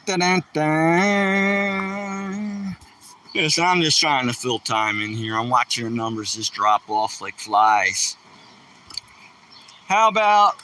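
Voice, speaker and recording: This livestream host's voice is on the high side, bright and forceful, picked up from a distance with slight background noise. It's a casual joke-telling stream, and he rambles through corny jokes while mocking himself.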